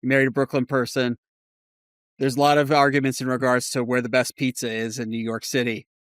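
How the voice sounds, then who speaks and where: A man's voice: medium pitch, little pitch movement, brisk, fairly bright tone, clean tone, dry recording, clean studio sound. A man hosting a podcast interview, asking questions in a friendly, easygoing way. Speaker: podcast host. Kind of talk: casual interview.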